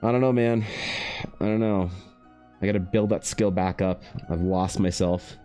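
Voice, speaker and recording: A man streaming while he paints, chatting casually in a rambling, profane way, his pitch leaping up now and then. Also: fairly even intonation, unhurried, mellow, faint music behind. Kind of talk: casual livestream chat.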